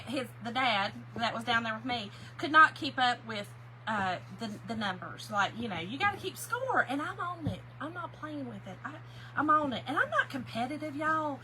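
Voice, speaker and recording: A woman's voice: on the high side, pushed and bright, a little hiss or hum, low-quality recording. A middle-aged woman, telling a story to her viewers while she paints, laughing often and calling them "y'all". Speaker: craft livestream host.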